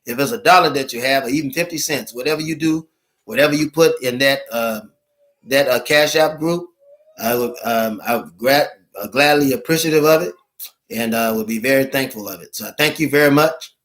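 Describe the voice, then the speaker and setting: Halting, earnest male minister. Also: medium pitch, fairly bright tone. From United States. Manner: halting, with many fillers and restarts; earnest preacher-like appeals. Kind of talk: livestream address to viewers.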